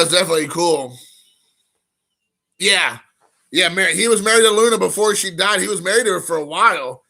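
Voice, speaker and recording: Young male streamer, gravelly and bright, loose rambling delivery. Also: a little high. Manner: rambling, frequent fillers, reads chat aloud. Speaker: live stream host. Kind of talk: casual live stream chat.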